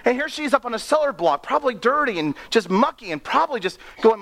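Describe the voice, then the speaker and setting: A man preaching an animated sermon, often laughing and acting out the people in his story. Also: very high-pitched, quick pace, gravelly, hardly any pauses. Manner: excitable, laughs often, acts out characters.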